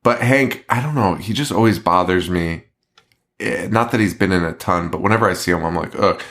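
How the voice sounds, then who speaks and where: A man's voice: sits low, fairly quick, fairly bright tone. A man hosting a podcast in casual chat, swearing a lot and laughing often as he rants. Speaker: podcast host.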